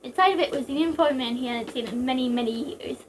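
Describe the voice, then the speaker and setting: A woman's voice: high voice, quick pace, slight background noise, rough recording. A young woman casually reading a story aloud, breaking off for giggly jokes. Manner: giggly, joking digressions. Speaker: reader.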